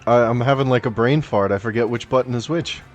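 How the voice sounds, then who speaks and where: A man hosting a gaming stream, chatting casually in a relaxed, self-deprecating way. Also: mid-range voice, quick pace, dull audio, soft background music. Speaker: streamer host.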